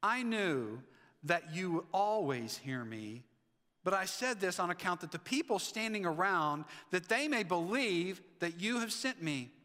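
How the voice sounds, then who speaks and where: A man preaching a sermon as pastor, animated, acting out the lines of the people in the story. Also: sits high, unhurried, in a large hall. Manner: animated, acts out the Bible figures' lines. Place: church sanctuary.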